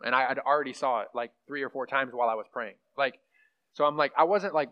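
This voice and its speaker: A man's voice: mid-range voice, steady tone, quick pace, smooth. A young man teaching on prophecy in a casual, rambling sermon style, full of fillers and asides to the room. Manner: rambling, conversational, lots of fillers. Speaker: pastor teaching a class. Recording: muffled lo-fi room recording.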